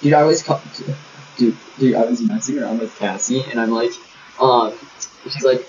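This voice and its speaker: Over a distant, dull lo-fi mic with a faint hiss, a young gamer trades crude jokes, bickering and stories with his friends during a casual party chat while streaming. He speaks at medium pitch and a little fast.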